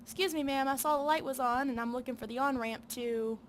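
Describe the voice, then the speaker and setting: Woman voicing a tired old trucker, Southern drawl, low rambling voice, faint hum behind. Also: a little fast, close to an everyday voice. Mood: weary. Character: older male truck driver, weary and rambling. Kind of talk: video game voice reading.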